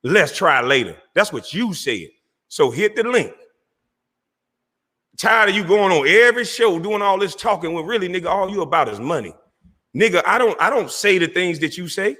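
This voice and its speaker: Confrontational male streamer host, mocking tone, bright forceful voice. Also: high voice, expressive, moderate pace, long reverb tail. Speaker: online show host. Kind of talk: heated livestream rant.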